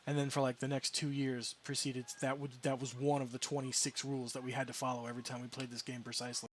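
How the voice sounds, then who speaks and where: A man's voice: medium pitch, level tone, quick pace, slight background noise. A man casually chatting as a game streamer, rambling through a story with restarts and amused asides. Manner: rambling, self-correcting, amused.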